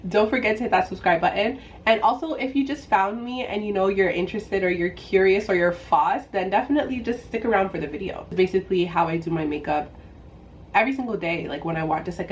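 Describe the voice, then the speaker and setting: Young female vlogger, bubbly home chat, slightly muffled audio with faint background noise. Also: lowish voice. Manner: bubbly, giggly, lots of "like" fillers. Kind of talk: casual chatty get-ready-with-me vlog. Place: indoors at home, doing makeup.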